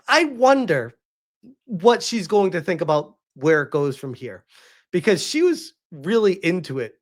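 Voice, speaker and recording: A man giving a casual, animated vlog review, rambling and laughing often. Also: a little high. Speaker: video reviewer.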